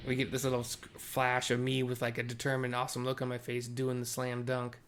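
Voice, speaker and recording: A man casually narrating game cutscenes out loud as he plays, chatty, with fillers and self-corrections. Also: mid-range voice, completely flat delivery, a little fast, few pauses, slight background noise. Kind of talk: casual live audio description of game cutscenes.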